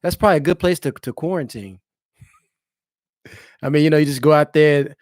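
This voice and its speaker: A man's voice: on the high side, fairly quick, a little mellow, dry recording. A married man hosting a casual live stream from his home, chatting loosely and directly with his viewers. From eastern United States. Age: adult, married father. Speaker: livestream host.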